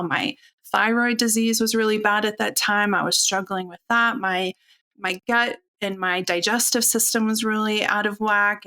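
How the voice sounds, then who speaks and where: A woman in her forties speaking openly and earnestly as a podcast guest, telling a personal story in a relaxed, conversational way. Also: mid-range voice. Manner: open, earnest, conversational with fillers. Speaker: podcast guest, functional nutritionist.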